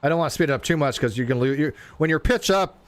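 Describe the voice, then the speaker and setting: A man streaming a flight simulator, talking casually and rambling as he flies, often stumbling over his words and getting excited. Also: fairly high pitch, quick pace, no room sound. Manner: rambling, self-interrupting, excitable. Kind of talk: casual live gameplay commentary.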